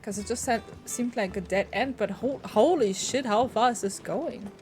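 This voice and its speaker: Streamer: sniffly woman, friendly rambling talk to chat, fairly high voice, soft music under. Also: normal speed. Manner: chatty and rambling, talks to chat. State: sniffly, getting a cold. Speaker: game streamer. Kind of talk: casual livestream commentary.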